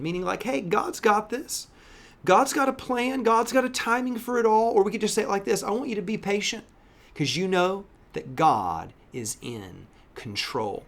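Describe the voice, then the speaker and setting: A middle-aged pastor giving a devotional teaching, reading scripture and preaching in an emphatic, lively way. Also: male voice, high voice, normal speed, creaky.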